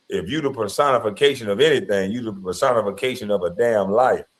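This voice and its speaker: A man's voice: fairly low pitch, a little fast. A man giving casual commentary in a blunt, preachy, moralizing way.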